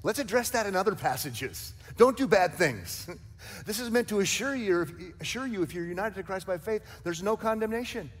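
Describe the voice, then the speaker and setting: A man's voice: sits high, expressive, brisk, husky, long reverb tail. A male pastor preaching a sermon, emphatic and conversational, with light jokes and asides. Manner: emphatic preaching with rising, forceful stresses.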